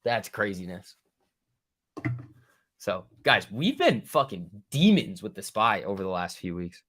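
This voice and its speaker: A man's voice: lowish voice, big pitch swings, a little slow, a bit bright. A man hosting a live day-trading stream, giving casual, profane, joking commentary and bantering with his chat. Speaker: day trading livestream host.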